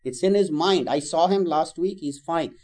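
A man's voice: on the high side, normal speed, a little mellow, pitched above the performer's own voice, close to an everyday voice. Male teacher as a reassuring joke doctor, insistent, voice raised.

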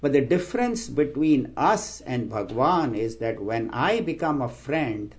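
A man giving a spiritual talk, explaining scripture terms and telling stories, acting out the quoted voices with raised pitch. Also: very animated, measured pace. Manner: storytelling, acts out quoted voices with rising pitch. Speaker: spiritual teacher. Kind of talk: sermon with stories and jokes.

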